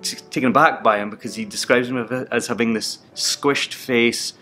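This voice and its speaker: A man's voice: medium pitch, normal speed, faint music behind. A young man, an actor and narrator, casually retelling book anecdotes and laughing often. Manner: animated, laughs often, acts out quotes.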